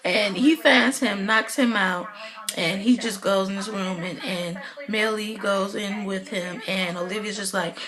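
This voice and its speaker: A woman's voice: mid-range voice, steady tone, a little slow, crowd noise, rough recording. A woman giving a casual, opinionated recap of a TV episode, chatty and full of fillers. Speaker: video blogger.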